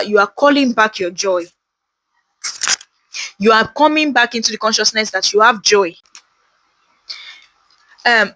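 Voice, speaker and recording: Woman doing an earnest faith talk, repeats herself a lot, mid pitch, dry close sound. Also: fairly bright tone, no room sound, low-quality recording. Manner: earnest, repetitive and encouraging, with many restarts. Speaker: faith-based grief speaker. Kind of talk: heartfelt faith talk to camera.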